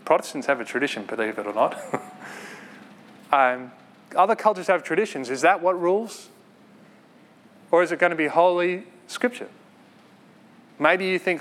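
A man preaching a sermon in an earnest, conversational way, with quick asides and light laughs. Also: fairly high pitch, expressive, fairly bright tone.

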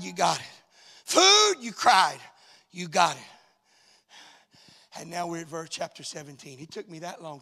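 Gravelly shouting preacher man. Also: sits high. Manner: swings between shouted, sung-out preaching and quiet asides. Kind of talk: sermon. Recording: reverberant hall sound.

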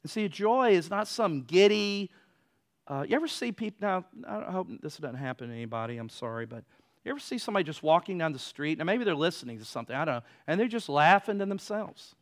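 A man preaching a sermon, moving between loud emphatic passages and quiet, low stretches. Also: expressive, fast. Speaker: pastor.

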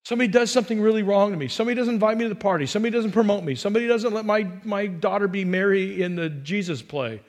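A middle-aged man preaching a personal, story-driven sermon, talking conversationally and moving between loud emphatic bursts and soft, hushed asides. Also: high voice, very fast, hardly any pauses. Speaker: pastor.

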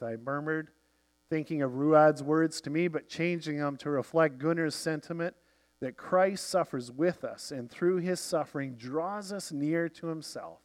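Male first-person novel narrator, a touch high-pitched; measured, reflective read. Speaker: audiobook narrator.

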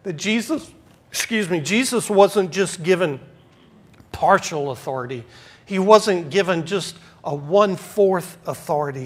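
Male pastor, preaching, emphatic with soft asides. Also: high-pitched, animated, unhurried. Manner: swings from loud emphatic preaching to quiet asides. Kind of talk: sermon.

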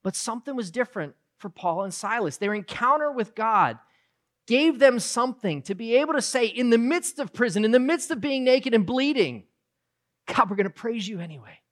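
A preacher giving a sermon, moving from low, quiet reflection to loud, emphatic retelling of a story. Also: expressive, normal speed.

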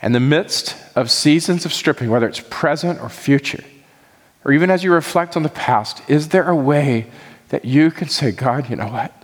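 A man's voice: on the high side, moderate pace. A man preaching as a pastor, earnest and pleading, his voice rising in heartfelt prayerful passages. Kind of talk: sermon. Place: church sanctuary. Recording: hall reverb.

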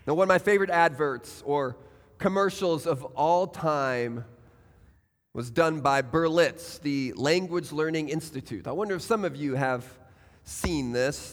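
A man preaching a sermon as pastor, speaking earnestly and putting direct questions to his congregation. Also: a little high. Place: church sanctuary. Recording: church hall with long reverb.

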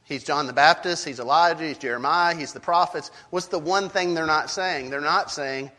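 Middle-aged pastor guy preaching, earnest and emphatic, voice a bit on the high side, stumbles and repeats words. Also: normal speed, pushed and bright. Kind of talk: sermon.

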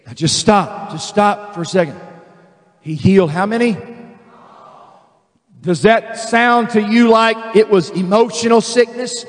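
A man preaching a fervent sermon, calling out to the congregation, repeating words and stretching key phrases slowly. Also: high-pitched. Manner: repeats words and restarts, drawn-out slow emphasis. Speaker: pastor. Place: large church sanctuary. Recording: long reverb of a large hall.

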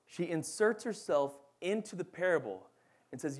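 A man teaching a Bible lesson in a casual, animated way, often checking in with his listeners. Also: fairly high pitch, moderate pace. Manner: animated, acts out quoted voices, frequent "right?" and "okay?".

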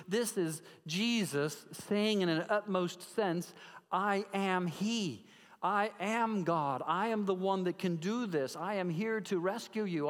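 A male pastor preaching a sermon, emphatic, swinging from loud declarations to hushed tones and putting questions to the congregation. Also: on the high side. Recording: long reverb of a large hall.

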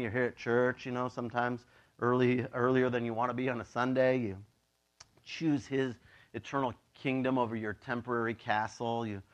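A man preaching a casual, joking sermon as a pastor, chatty and animated, acting out voices in his stories. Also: medium pitch, muffled recording. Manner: chatty, with many "like" and "you know".

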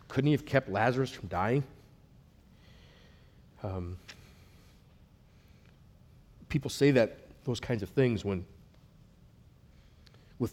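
A man preaching a sermon, earnest, rising to loud emphatic passages and dropping to a near hush. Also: lowish voice. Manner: earnest, swells loud then drops to a hush. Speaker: pastor.

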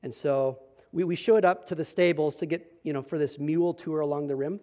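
A young adult male pastor preaching a sermon, telling a personal story and swinging from hushed asides to loud emphatic passages. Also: fairly high pitch, fairly even intonation, a little fast.

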